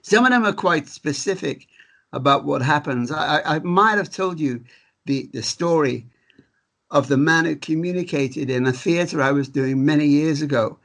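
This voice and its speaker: A man working as a medium, talking in a relaxed interview and telling stories in a rambling way. He often restarts his phrases and chuckles as he goes. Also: fairly high pitch, moderate pace, creaky. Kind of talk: conversational storytelling interview.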